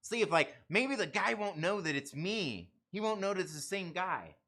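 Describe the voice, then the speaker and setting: A man's voice: high voice, sing-song, normal speed, bright, forceful tone, exaggerated voice. A man putting on a sneaky internet troll. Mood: scheming. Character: sneaky male internet troll, young adult.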